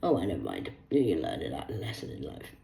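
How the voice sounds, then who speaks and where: A woman in her forties, losing her voice, who rambles, swears and swings between loud bursts and hushed asides as she hosts a solo chat. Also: very deep voice, wildly swooping pitch, normal speed, creaky, echoey room, low-quality recording. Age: 40s. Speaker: host. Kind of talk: rambling solo live chat reading aloud.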